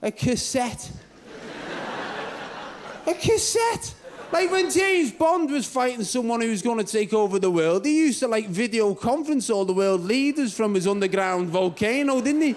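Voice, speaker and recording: A man's voice: very high voice, expressive, moderate pace, hardly any pauses. A man from England doing a stand-up comedy set on a club stage, rambling and sweary with mocking asides.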